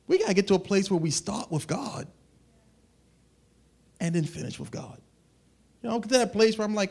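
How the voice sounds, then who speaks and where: Man, pastor, high voice, lively conversational sermon, acted asides. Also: moderate pace, pauses often. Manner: animated, conversational preaching with acted asides and laughs.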